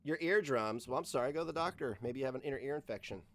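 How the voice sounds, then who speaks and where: A man's voice: medium pitch, very fast, a bit bright. A man streaming, riffing crudely and jokingly over old commercials.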